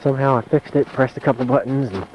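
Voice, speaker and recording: A man narrates his own home video in a chatty, wry way and curses mildly as he goes. His voice sits at a medium pitch and has a mellow tone. It is recorded on a handheld camcorder outdoors in deep mountain snow. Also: fairly even intonation, fast talker, slight background noise, poor audio. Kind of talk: casual narration while filming.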